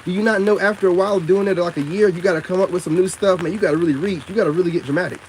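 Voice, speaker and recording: A man with a slightly high voice talks straight to camera in a loose, slangy monologue that keeps circling back on itself. When he gets indignant, his pitch leaps up sharply. Faint rain patters behind him. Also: racing, a little mellow, a little hiss or hum. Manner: loose, repetitive, full of slang and fillers. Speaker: online commentator on narcissism.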